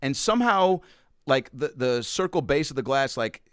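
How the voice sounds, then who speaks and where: Male comedian guest, lively storyteller, acts out the quotes, dry close mic. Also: moderate pace, clean tone, no room sound. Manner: animated storyteller, acts out quotes with big pitch jumps. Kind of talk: casual storytelling chat.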